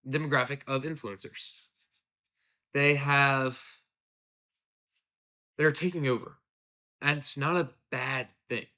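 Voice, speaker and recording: A young American man from the United States hosts a casual political commentary podcast in a bright, forceful, mid-range voice. He rambles and keeps wandering off on tangents.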